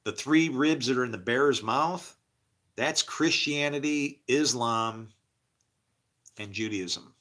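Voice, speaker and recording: A man delivering a rambling religious monologue, swinging from low mumbles to shouting and laughing to himself. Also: slow pace.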